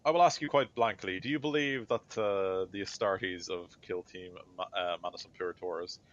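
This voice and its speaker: Guy doing a stern judge inquisitor, formal, grilling a witness, deep voice, muffled lo-fi sound. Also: normal speed, a little hiss or hum, natural voice. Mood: interrogating. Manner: formal, interrogating. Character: stern male inquisitor judge presiding at a trial. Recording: dull lo-fi recording.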